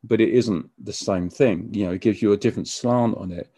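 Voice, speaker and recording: A man being interviewed as a musician, talking casually in a halting way with frequent stammered restarts. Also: lowish voice, warm tone, breathy edge, dry recording, clean studio sound. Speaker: musician guest.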